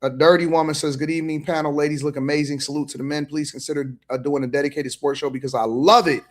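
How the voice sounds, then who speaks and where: A man's voice: on the high side, little pitch movement, fast talker. Male host, laid-back panel talk, reads viewer chat aloud, loose slangy delivery. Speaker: podcast host reading chat.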